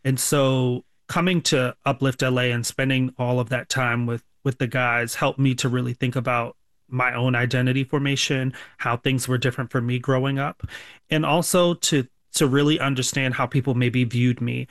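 A man from Baltimore speaking as a radio guest, reflective and measured. His voice stays very even in pitch and sounds dry and close. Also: dry recording. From Baltimore, USA. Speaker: guest, sociology professor. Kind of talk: radio interview.

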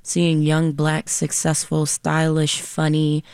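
A woman's voice: low voice, completely flat delivery, slow, a little mellow, smooth, no echo, clean studio sound. A young actress speaking animatedly and sassily about her character and the show. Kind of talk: interview.

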